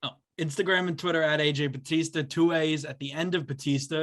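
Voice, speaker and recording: A man hosting a podcast with a bright, forceful voice pitched a little high. He sounds upbeat and laughs easily as he reads through the plugs. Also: fairly even intonation, quick pace, few pauses. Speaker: podcast co-host. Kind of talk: casual chat.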